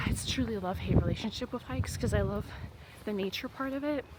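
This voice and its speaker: A woman's voice: medium pitch, fairly quick. A woman vlogging casually to camera, rambling with lots of fillers, out of breath as she hikes up a windy hillside. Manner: chatty, rambling, filler-heavy. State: out of breath while hiking. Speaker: travel vlogger. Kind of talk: casual vlog talk to camera. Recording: heavy wind noise on the mic.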